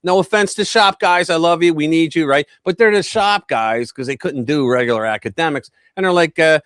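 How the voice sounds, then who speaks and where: A man's voice: a little high, fairly quick, hardly any pauses, clean tone, dry recording, clean studio sound. A man co-hosting a live stream, telling a story in a casual chat and acting out the quoted voices. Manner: animated, acts out quoted voices. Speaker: co-host.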